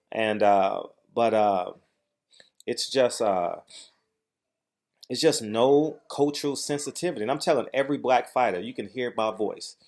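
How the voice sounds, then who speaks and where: A man delivers a heated commentary rant in a voice of middling pitch. He sounds agitated and emphatic, hammering points home by repeating phrases again and again. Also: a little mellow. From United States. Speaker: boxing commentator, channel host.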